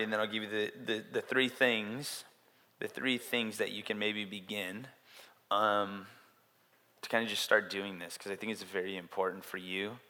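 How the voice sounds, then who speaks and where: A man preaching a sermon in a casual, animated way, acting out quotes as he tells stories. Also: fairly low pitch. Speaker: pastor. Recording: long hall reverb.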